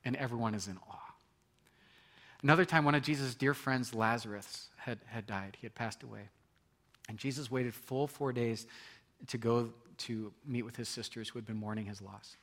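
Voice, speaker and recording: A man's voice: mid-range voice, fairly even intonation, moderate pace, a bit bright. A man preaching a sermon, earnest and building to emphatic points, with frequent restarts. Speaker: pastor.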